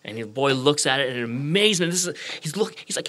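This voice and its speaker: A pastor preaching a sermon in church, telling a made-up parable and acting out the voices of its characters. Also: male voice, fairly high pitch, lively intonation, fast, hardly any pauses, pushed and bright. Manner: storytelling preacher, acts out quoted voices. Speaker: guest pastor. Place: church sanctuary.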